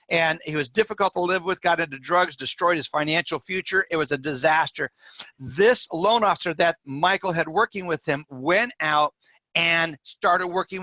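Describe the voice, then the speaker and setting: A man's voice: sits high, dry recording, muffled recording. A middle-aged man, a mortgage industry coach, telling stories as a podcast guest and acting out the dialogue with energy. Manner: animated storyteller acting out quoted dialogue. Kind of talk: storytelling in a podcast interview.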